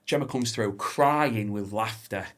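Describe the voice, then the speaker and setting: A man hosting a podcast, chatting casually, swearing freely and telling stories with lively impressions of the people in them. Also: lowish voice, measured pace. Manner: animated storyteller, swears freely, acts out quotes. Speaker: podcast host. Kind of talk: casual chat.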